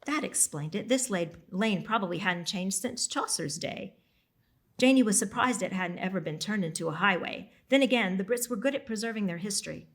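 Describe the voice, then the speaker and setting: A woman author reading her own novel aloud at a library event, steady, with the odd slip and apology. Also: medium pitch, fairly quick.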